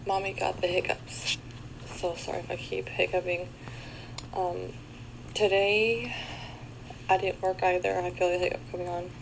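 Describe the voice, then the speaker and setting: Hiccuping young mother, gravelly voice. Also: on the low side, little pitch movement, heavy background noise. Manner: rambling, apologetic, halting. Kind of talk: casual daily vlog.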